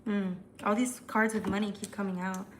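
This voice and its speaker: Chatty female tarot reader, live stream, rushing, faint background noise. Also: mid-range voice, flat delivery. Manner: chatty, fast, repetitive restarts. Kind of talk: live tarot forecast reading.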